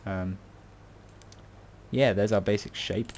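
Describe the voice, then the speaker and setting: A British man, a game tutorial creator, takes it slowly as he chats through a building tutorial, muttering to himself, rambling, and joking at his own expense. His voice is on the low side, a little mellow, with fairly even intonation, and slight background noise can be heard.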